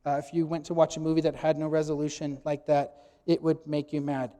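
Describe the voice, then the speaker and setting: Emphatic preacher man, fairly high voice. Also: little pitch movement, a little fast. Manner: emphatic, acts out quotes with sudden loud bursts. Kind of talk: sermon teaching.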